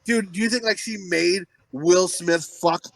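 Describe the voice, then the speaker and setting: A man's voice: high voice, unhurried, creaky, no echo. A man co-hosting a comedy podcast, rambling through crude stories in casual chat and laughing often. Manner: rambling, profane, laughs a lot. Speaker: podcast co-host.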